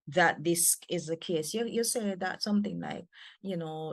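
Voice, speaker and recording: A woman faculty developer with a Jamaican accent, giving a lively training talk to teachers with emphatic, repeated phrases. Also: on the low side, measured pace, no echo. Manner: animated, emphatic, repeats words.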